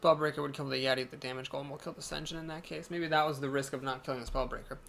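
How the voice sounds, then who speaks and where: A man's voice: medium pitch, fairly even intonation, rapid-fire, vocal fry, a bit bright, slight background noise. A man talking casually over his card game, thinking aloud, chatty and self-deprecating. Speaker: game video host. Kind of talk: casual gameplay commentary.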